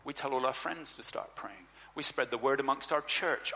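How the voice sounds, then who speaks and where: A male preacher tells a personal story from the stage, jumping into lively voices for the people in it. His tone is bright and forward, and the sound rings with the long reverb of a large hall. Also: mid-range voice, normal speed, hardly any pauses. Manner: animated storyteller, acts out dialogue. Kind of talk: sermon storytelling.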